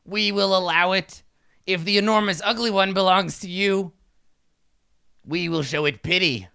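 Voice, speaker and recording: Gm doing a pompous little kobold king, high bright voice, slow grand proclamations, dry sound. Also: gravelly, smooth, no echo. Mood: haughty. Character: pompous male kobold king, small and boastful.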